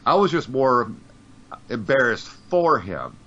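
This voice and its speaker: A man's voice: mid-range voice, big pitch swings, unhurried, pushed and bright. A man chatting casually on a podcast, rambling and swearing, stumbling over repeated words. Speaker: podcast co-host. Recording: dull lo-fi sound.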